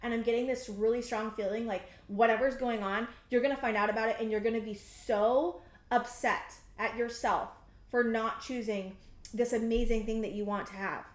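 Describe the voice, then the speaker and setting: A woman in her thirties giving a tarot reading, talking in a halting, rambling, earnest way full of fillers and restarts, emotionally intense. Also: a little high, fairly even intonation, roomy sound. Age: 30s. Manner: emotionally intense, close to tears at times. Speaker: tarot reader. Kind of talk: pick-a-card tarot reading.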